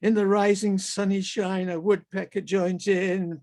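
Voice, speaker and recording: A man reading his own fiction aloud over a video call as a halting, musing first-person character monologue. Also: high-pitched, fairly even intonation, vocal fry. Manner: halting, musing, talks to animals and people in the scene.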